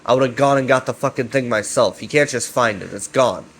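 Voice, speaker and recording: A man doing a sinister male entity who mocks and taunts, swearing freely. The delivery stays close to an ordinary mid-pitched speaking voice. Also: brisk, slight background noise, lightly acted. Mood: taunting. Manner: mocking, profane.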